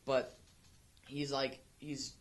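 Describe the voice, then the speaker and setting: A man's voice: mid-range voice, little pitch movement, drawn-out words. A young man co-hosting an amateur podcast, chatting casually and rambling with many restarts. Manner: rambling, full of restarts and fillers. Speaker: podcast co-host. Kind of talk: casual chat.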